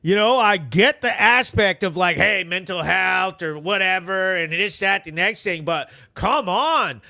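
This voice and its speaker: A man hosting a news show, ranting in loud, blunt, casual commentary with swearing. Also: high voice, animated, unhurried, gravelly, hardly any pauses.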